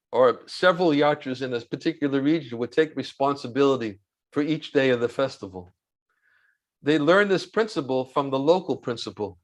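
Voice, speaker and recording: Halting, fairly high-voiced male storyteller. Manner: unhurried, halting with fillers, chuckles while recalling. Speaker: interviewee, monk. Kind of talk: storytelling in a spiritual interview.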